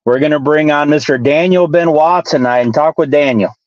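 A man's voice: a little high, a little fast, dry recording, highs cut off. A man hosting a casual online talk show who laughs easily and introduces guests. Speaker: host. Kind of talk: casual chat.

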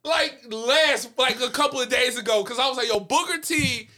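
A young man talks in loose, slangy podcast chat, circling back through fillers and asides. His voice sits high and bright. He sounds animated and easygoing. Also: normal speed. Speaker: podcast co-host. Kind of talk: casual chat.

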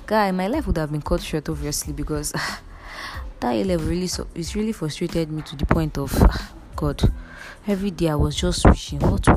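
A young Nigerian woman vlogging in a low, mellow voice, earnest and emphatic as she speaks straight to her viewers. Soft music plays faintly behind her. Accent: Nigerian English. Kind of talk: casual direct-to-camera storytelling.

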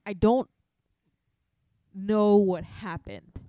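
A woman's voice: mid-range voice, extremely slow, highs cut off. A woman hosting a podcast, telling a story in casual chat, swearing freely and laughing often. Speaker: podcast host.

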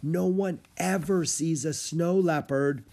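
A man voicing an eager, curious young girl in an audiobook reading, raising his voice into a bright, excited tone. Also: fairly high pitch, gravelly, voice pushed up, full character voice. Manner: bright, excited, quick to notice things.

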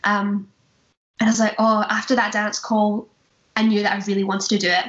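A young Glaswegian woman, a musical theatre performer appearing as a guest, chats casually through anecdotes, laughing often and acting out quotes. Her mid-range voice stays fairly flat in pitch, moves at normal speed, and sounds fairly bright. The recording is roomy, dull, and lo-fi.

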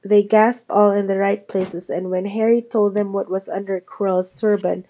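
A woman's voice: medium pitch, flat delivery, normal speed, warm tone, poor audio. A woman reading a novel aloud, in a plain style with small slips. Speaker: reader.

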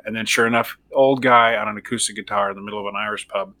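Bright-voiced joking man. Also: on the low side, fairly even intonation, quick pace, dry recording. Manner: amused, joking, laughs along. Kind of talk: casual storytelling chat.

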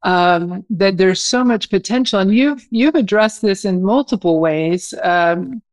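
A woman's voice: mid-range voice, unhurried, dry recording. A woman hosting an interview, asking long thoughtful questions and searching for her words with frequent fillers. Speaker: host.

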